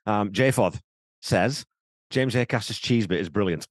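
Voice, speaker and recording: A man co-hosts a casual podcast in a very low voice. He is blunt and swears freely, with a dry, teasing humour. His voice is recorded close and dry. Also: normal speed, no room sound. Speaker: podcast co-host. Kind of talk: casual chat.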